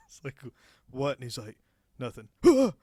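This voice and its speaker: Recorded with studio quality and no echo, this young podcast co-host has a steady, mid-range voice and a slow pace. He casually recounts a work story, swearing freely and laughing as he goes.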